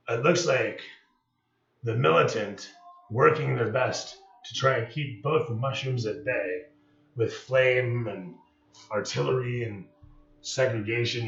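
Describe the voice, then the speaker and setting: A man's voice: fairly low pitch, vocal fry, a bit bright. A man running a tabletop game on a live stream as game master, describing scenes like camera shots, with many fillers. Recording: echoey, distant, dull sound with faint music.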